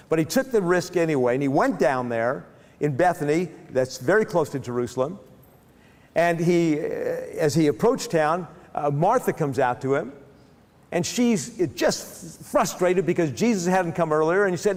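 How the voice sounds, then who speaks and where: A man retells a Bible story as a lecture, animated, and often restarting his phrases. His voice sits fairly high for a man. A long hall reverb trails behind his words. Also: normal speed. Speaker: speaker.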